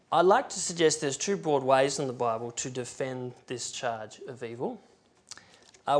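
A man preaching a sermon in a church, reading scripture aloud with emphatic swings from loud to soft. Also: mid-range voice. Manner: emphatic, rising and falling loudness, reads scripture aloud.

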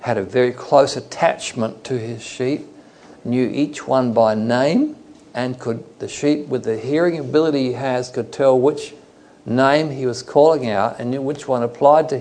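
A man from Australia preaching a Bible study in a loose, conversational way, pausing with fillers as he explains the text. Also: mid-range voice, darkish tone.

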